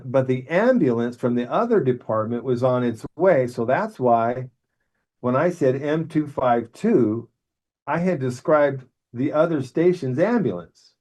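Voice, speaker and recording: A man in his sixties, living in Arizona, telling his near-death experience in an earnest way, acting out the voices of others and restarting his sentences. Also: mid-range voice. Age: 60s. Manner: earnest, animated when quoting others, halting restarts. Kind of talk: personal storytelling.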